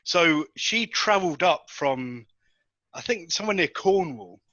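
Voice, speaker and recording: Bright-voiced man telling a story. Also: fairly high pitch, expressive, unhurried, no room sound. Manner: rambling storyteller, many ums and restarts. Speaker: podcast regular telling a story. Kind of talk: casual anecdote-telling. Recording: dull lo-fi dry sound.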